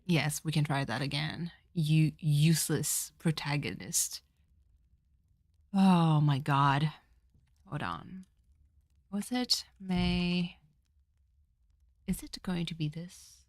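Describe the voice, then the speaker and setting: Slow-talking exasperated woman streamer. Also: low-pitched, no echo, clean studio sound. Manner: exasperated, shouts at the game. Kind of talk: let's play commentary.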